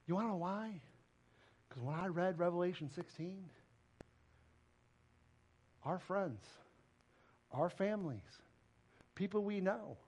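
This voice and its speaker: A man's voice: high voice, fairly bright tone. A man preaching a sermon as pastor, emphatic and full of direct questions to the congregation. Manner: emphatic, preaching with rising and falling intensity.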